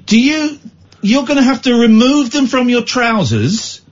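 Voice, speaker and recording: A man's voice: extremely high pitch, lively intonation, measured pace, dull audio. A man hosting a radio show, teasing and mocking his caller. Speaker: radio host.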